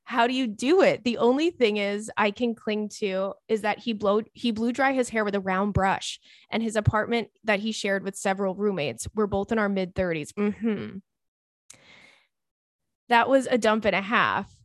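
A woman hosting an advice podcast, reading listener mail aloud with playful, slangy commentary. Her voice sits in a middle pitch, and the recording is dry and close with no room sound. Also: moderate pace, no echo. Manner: animated, playful, chatty slang. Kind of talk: reading and reacting to listener email.

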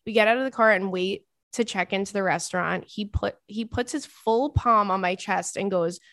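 A woman podcast host reading a listener's email aloud in casual chat, expressive and dramatic with exasperated asides. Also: mid-range voice, normal speed, no echo, clean studio sound.

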